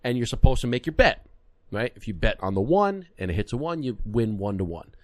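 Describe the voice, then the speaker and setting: A man's voice: mid-range voice, fairly quick, no room sound. A man in his thirties co-hosting a podcast, telling a story in casual chat and acting out the other people in it. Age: 30s. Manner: animated, acts out the voices in his stories. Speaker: podcast co-host. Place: podcast studio.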